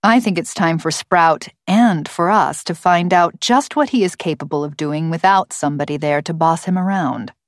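A woman's voice: lowish voice, moderate pace, hardly any pauses, no echo, lightly acted. Woman as a stern, clipped computer intelligence. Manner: dry, clipped and commanding.

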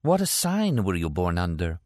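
A man voicing a strange young Italian woman with an Italian accent, speaking slowly and dreamily. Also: deep voice, huge pitch swings, darkish tone, no echo, clean studio sound. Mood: dreamy. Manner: slow, dreamy, deliberate.

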